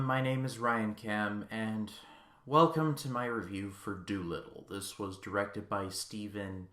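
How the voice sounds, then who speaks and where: A man's voice: mid-range voice, fairly bright tone. A man reviewing a film in a casual vlog, ranting in an exasperated, sarcastic way. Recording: echoey room.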